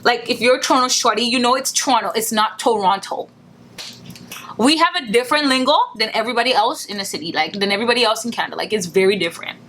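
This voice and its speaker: A young woman from Nigeria talking straight to camera in a casual, profane, animated commentary vlog. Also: a little high, rapid-fire, hardly any pauses, slight background noise. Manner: blunt, profane, animated rants with mocking put-on quotes. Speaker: beauty vlogger.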